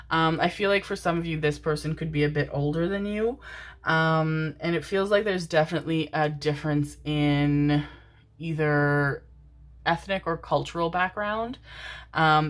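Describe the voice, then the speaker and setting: A woman giving a casual tarot reading to the camera, affectionate and rambling, calling her viewers "my babies". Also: deep voice. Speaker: tarot reader. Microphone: desk microphone, seated in a chair.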